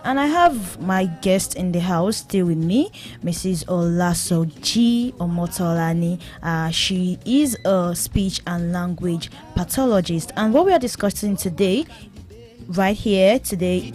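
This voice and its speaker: A woman's voice: mid-range voice, darkish tone. A woman from Nigeria hosting a radio health talk show, interviewing a guest and echoing her words back. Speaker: radio host.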